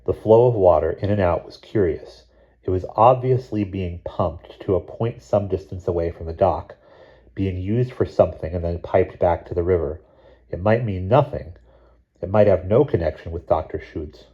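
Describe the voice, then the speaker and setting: A man reading a novel chapter aloud in a measured, steady narration. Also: low voice, lo-fi sound. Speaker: audiobook reader. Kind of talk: scripted narration.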